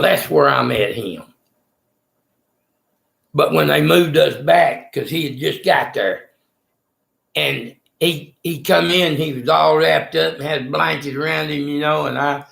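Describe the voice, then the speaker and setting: Gravelly-voiced man telling a rambling story. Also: fairly high pitch, a bit bright, echoey room. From Texas. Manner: rough-spoken, swearing, folksy.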